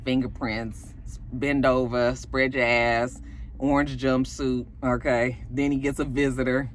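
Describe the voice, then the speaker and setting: A woman casually recapping a TV episode in an animated, profane, joking manner. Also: extremely low pitch, unhurried, slight background noise. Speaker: TV show reviewer.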